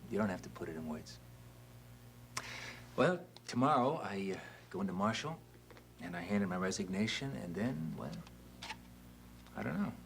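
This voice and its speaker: An earnest, heartfelt widower in a soap opera. His voice is fairly low and reflective, with a faint hiss under it. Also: sing-song, normal speed, long pauses, fairly bright tone, exaggerated voice.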